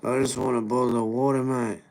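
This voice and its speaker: A man putting on the voice of a pleading male street beggar, wheedling and insistent with a drawn-out slangy whine. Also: mid-range voice, level tone, a little mellow, pitched above the performer's own voice, lightly acted, low-quality recording.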